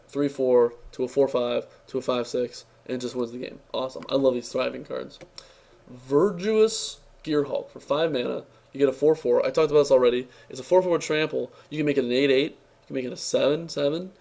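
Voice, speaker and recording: A young man with a mid-pitched, worn-out voice that sounds strained from talking. He drifts through an offhand, sarcastic review and keeps stumbling on fillers and restarts. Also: gravelly, darkish tone. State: tired, strained voice. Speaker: card game reviewer. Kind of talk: casual spoken review.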